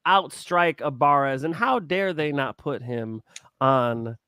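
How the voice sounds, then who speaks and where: A man's voice: a little high, slow, pushed and bright, smooth, dry recording, clean studio sound. A man co-hosting a podcast, teasing and swearing in playful banter. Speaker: podcast co-host. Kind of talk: casual banter.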